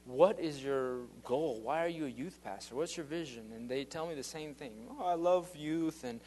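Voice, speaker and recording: A man's voice: medium pitch, normal speed, darkish tone, slight background noise. Earnest man rambling through a testimony. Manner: earnest, rambling, with many fillers and restarts. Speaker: youth minister giving a testimony. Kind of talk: casual spoken testimony.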